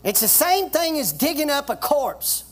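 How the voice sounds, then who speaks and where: A pastor preaching a sermon with emphasis, reading scripture and having the congregation repeat phrases after him. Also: male voice, very high voice, very animated, normal speed. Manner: reads scripture aloud and explains it.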